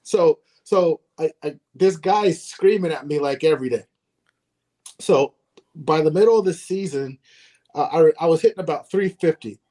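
A middle-aged man telling stories in casual podcast chat, relaxed and quick to laugh. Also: a little high. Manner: relaxed, chatty, laughs often, acts out quoted shouting. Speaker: podcast co-host, former ballplayer.

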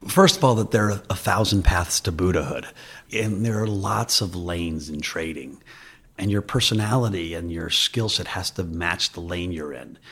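Low, raspy-voiced man telling stories. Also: normal speed, a bit bright. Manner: loose, anecdotal, self-deprecating. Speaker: investor guest. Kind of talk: candid interview storytelling.

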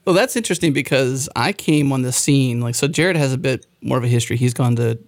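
A male podcast host talks in a relaxed, reflective way. His mid-pitched voice has a gravelly edge. The recording is close and dry. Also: a little fast, dry recording. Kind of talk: casual podcast interview.

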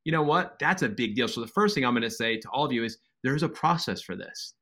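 A man with a bright, forceful tone shares his own experience on a podcast. He talks in an earnest, reflective way and repeats words for emphasis. The feel is casual and open. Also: mid-range voice, lively intonation, fast talker. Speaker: podcast co-host, chiropractor. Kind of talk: conversational podcast discussion.

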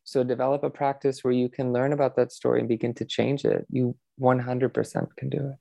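A man's voice: mid-range voice, flat delivery, brisk, gravelly, warm tone, no room sound. A man talking as a podcast guest about meditation, reflective and earnest, with frequent fillers and restarts. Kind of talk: relaxed interview conversation.

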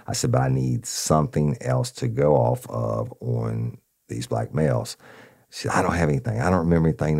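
Deep gravelly man telling a case. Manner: animated retelling with quoted dialogue, addresses listeners as y'all. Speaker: podcast host, former detective. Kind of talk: casual true-crime storytelling.

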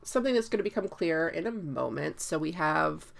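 An animated woman in casual podcast chat, her voice sitting fairly low. She keeps slipping into quick character voices as she retells scenes. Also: gravelly. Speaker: podcast co-host. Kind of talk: casual book discussion.

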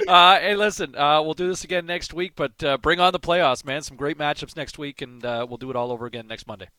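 Male radio host, bright slightly high voice, playful teasing banter. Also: a little fast, no room sound. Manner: teasing, jokey. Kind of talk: casual radio sports chat.

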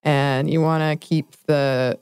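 Low-pitched lady cohost, chatty, giggly, dry studio sound. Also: fairly even intonation, takes it slowly, darkish tone, clear, resonant tone, dry recording. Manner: laughs often, self-correcting. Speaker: podcast co-host. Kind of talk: casual chat.

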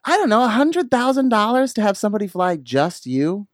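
A man on a casual podcast who talks fast and animatedly, his pitch jumping around a lot. He teases the others and swears freely. The recording is dry and close. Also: big pitch swings, dry recording. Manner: quick, teasing and profane. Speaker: podcast co-host. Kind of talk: casual chat.

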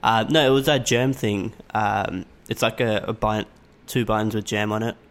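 Laid-back, low-voiced man chatting. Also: fairly even intonation, normal speed. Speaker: podcast co-host. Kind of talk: casual chat.

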